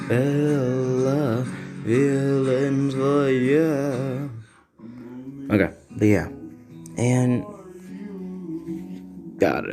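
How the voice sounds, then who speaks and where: A man casually making up and narrating a story, rambling and halting as he goes. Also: on the low side. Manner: rambling, halting, loose and informal.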